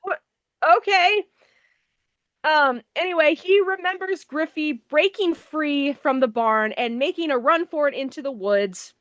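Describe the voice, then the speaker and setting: A woman's voice: sits high, unhurried, fairly bright tone, no echo, dull audio. A woman co-hosting a movie review show, recapping the plot in a casual, wry, sarcastic way. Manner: sarcastic, wry, swears offhandedly.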